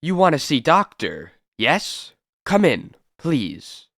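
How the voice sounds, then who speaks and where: A man's voice: fairly high pitch, wildly swooping pitch, slow, creaky, fairly bright tone, dry recording, voice pushed up, full character voice. Brief: odd henchman in broken English, voiced by a man, dry close sound. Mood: sly cagey. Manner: broken English, sly and cagey. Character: strange male hospital servant, broken English.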